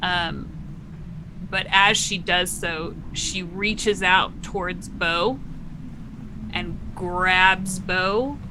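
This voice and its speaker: A woman running a tabletop game as game master, describing scenes in a slow, measured way. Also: lowish voice, background noise.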